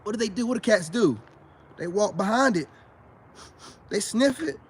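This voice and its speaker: A man's voice: sits high, expressive, normal speed, husky. A man giving a casual vlog monologue to camera, boastful and preachy, talking straight to his viewers as brothers and repeating his points. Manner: addresses viewers directly as brothers. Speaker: self-styled spiritual advice vlogger.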